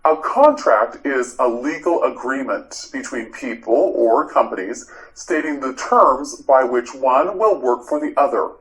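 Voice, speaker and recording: A man's voice: mid-range voice, fairly bright tone, poor audio. A man teaching English vocabulary, saying each word several times and asking the learner to repeat it. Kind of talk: slow drilled pronunciation lesson.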